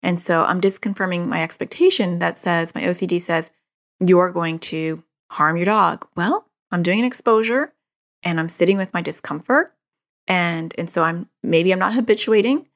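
An earnest woman with a somewhat low voice talks parents through a therapy method. She leans on worked examples and comes back to her key phrases again and again. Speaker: parent educator on child anxiety. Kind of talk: explanatory talk to parents.

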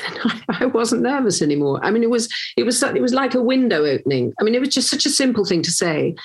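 A woman in her sixties, an actress, chatting in an interview and telling lively anecdotes with many restarts. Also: a little high, fast, breathy edge. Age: 60s. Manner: lively storyteller, acts out quoted voices, many restarts. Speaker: actress, guest. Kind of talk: casual conversation, anecdotes.

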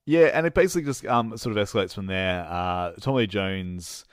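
A man co-hosting a casual movie chat, telling the plot in a halting, rambling way with lots of fillers and restarts, laughing at his own jokes. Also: fairly low pitch, smooth, no echo, clean studio sound. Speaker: podcast co-host reviewing movies.

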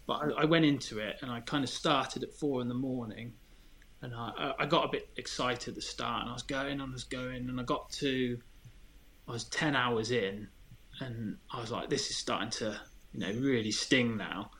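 Man, podcast guest, casual chat, candid and self-mocking, average pitch. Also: fairly even intonation, moderate pace, a bit bright. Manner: candid, self-deprecating storytelling.

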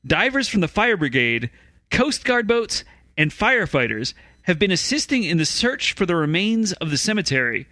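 Bright, lively male host reading news for a comedy podcast. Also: high voice, moderate pace, no echo. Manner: reads stories, then prompts co-hosts.

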